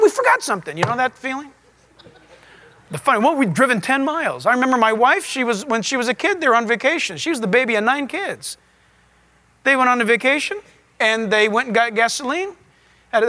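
A male pastor preaches in a relaxed, conversational way. His pitch swings up and down freely as he tells stories and asks questions of his listeners. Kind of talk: conversational sermon.

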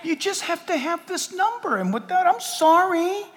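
Man doing a smooth male end-times deceiver: high, slow, falsely comforting; reverberant hall. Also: very animated, a bit bright, heavily acted. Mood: coaxing. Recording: long church hall reverb.

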